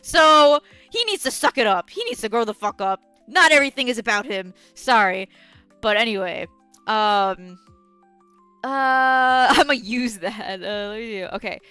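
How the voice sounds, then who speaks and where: A woman's voice: a little high, expressive, unhurried, sharp tone, clear, resonant tone, no room sound, faint music behind. A young woman from New York streaming and ranting to chat, swearing constantly and answering viewers with outrage. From New York City. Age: young adult. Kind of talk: casual livestream chat.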